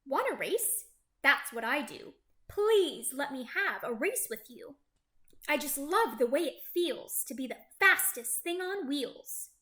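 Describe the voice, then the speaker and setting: A woman's voice: high voice, sing-song, takes it slowly, a bit bright, full character voice. A woman voicing an eager, boastful female race car in a picture book read-aloud. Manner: bubbly, boastful, pleading. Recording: roomy echo.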